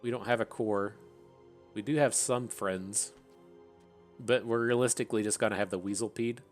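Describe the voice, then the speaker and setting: A man's voice: fairly low pitch, fairly even intonation, moderate pace, faint music behind. Man casually commentating his gameplay. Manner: chatty, thinks aloud, laughs at his own tangents. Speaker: gaming channel host.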